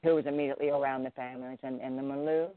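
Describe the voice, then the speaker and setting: A man's voice: mid-range voice, steady tone, racing, no room sound, phone-quality sound. A middle-aged man with a Southern US accent, a writer answering interview questions thoughtfully, often restarting and repeating words. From Southern United States.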